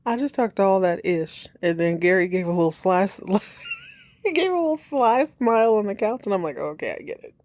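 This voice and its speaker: A woman's voice: medium pitch, dry recording. Exasperated woman ranting. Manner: animated, exasperated, swears freely, mocks characters in quick impressions. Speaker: podcast host reacting to a TV show. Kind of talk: casual reaction commentary.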